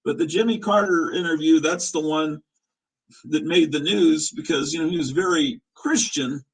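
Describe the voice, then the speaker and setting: Male host, 50s, husky and a bit high, loose rambling chat with opinions and chuckles. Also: moderate pace, low-quality recording. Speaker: show host. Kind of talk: casual live-stream chat.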